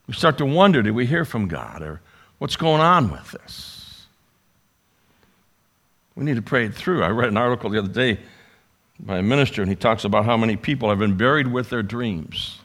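A man preaching a sermon, swinging between loud emphasis and quiet asides. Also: a little high. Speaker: pastor.

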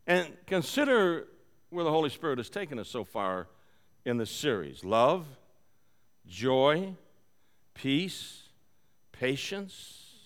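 A man preaching a conversational sermon, telling a personal story and moving between soft, quiet stretches and loud, animated bursts. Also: a little high, slow pace, long pauses, clean tone. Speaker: pastor. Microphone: live-streamed service.

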